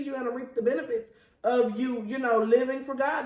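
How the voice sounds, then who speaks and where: Chatty woman with a fairly high voice, echoey room. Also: fairly even intonation, a little fast, a little mellow, muffled recording. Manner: chatty and heartfelt, often addressing viewers as y'all. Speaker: host. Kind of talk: casual faith talk show.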